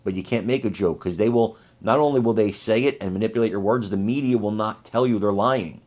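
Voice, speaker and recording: A man's voice: lowish voice, brisk, a little mellow. Indignant man doing political commentary. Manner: emphatic, indignant. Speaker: channel host.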